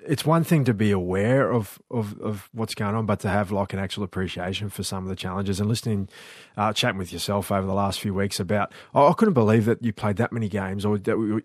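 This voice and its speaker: A man's voice: on the low side, no echo, clean studio sound. A man hosting a casual radio sports chat, easygoing and laughing now and then. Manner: easygoing, laughs while talking. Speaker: host.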